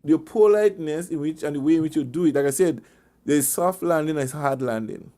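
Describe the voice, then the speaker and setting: A man's voice: fairly high pitch, a little fast, warm tone. A male radio host giving casual relationship advice over an online call, rambling through anecdotes with chuckles and repeated words. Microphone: online meeting call.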